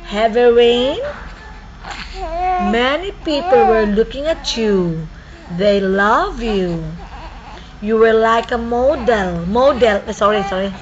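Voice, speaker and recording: A woman talking to a baby on a home video, coaxing with repeated questions. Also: fairly high pitch. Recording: lo-fi home video with background noise.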